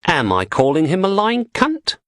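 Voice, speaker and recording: A man playing a posh English woman, calm and menacing, speaking in short clipped questions at a raised pitch. She comes across as an audiobook character in a close, dry recording. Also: moderate pace, no echo, exaggerated voice. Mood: cool.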